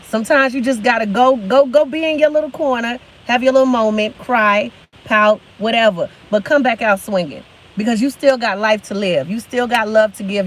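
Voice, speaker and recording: Young woman, live-stream host, emphatic motivational talk on a phone mic, soft background hiss. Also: fairly high pitch, rough recording. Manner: emphatic, repeats phrases for emphasis. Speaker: livestream host.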